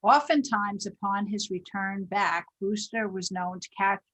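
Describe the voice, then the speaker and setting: A woman author hosting a livestream, telling history with lively emphasis. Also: medium pitch, unhurried, breathy edge, rough recording. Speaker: host and author.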